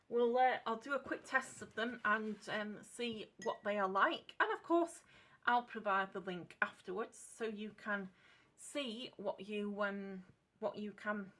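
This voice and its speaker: A woman's voice: medium pitch, sharp tone. English lady rambling through a craft vlog, keeps correcting herself, says sorry a lot, totally unscripted. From England. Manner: chatty and rambling, corrects herself often, apologetic asides. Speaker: craft vlogger.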